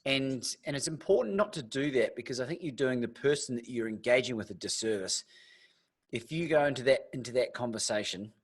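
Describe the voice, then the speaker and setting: Chatty host, middle pitch. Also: male voice, fairly quick, breathy edge. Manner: chatty storyteller, restarts often. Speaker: podcast host. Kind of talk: casual interview chat.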